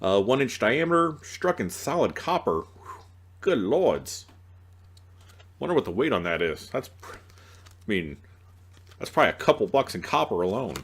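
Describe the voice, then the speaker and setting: A man's voice: mid-range voice, big pitch swings, moderate pace, fairly bright tone. A man hosting an unboxing video, chatting casually and joking at himself, groggy after a night out and stumbling over his reading. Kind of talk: casual rambling unboxing talk.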